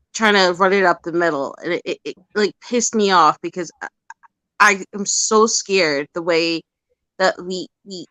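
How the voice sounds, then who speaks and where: A woman's voice: lowish voice, bright, forceful tone, dry recording. A woman co-hosting a casual sports chat, giving heated, long-winded takes on the game. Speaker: podcast co-host.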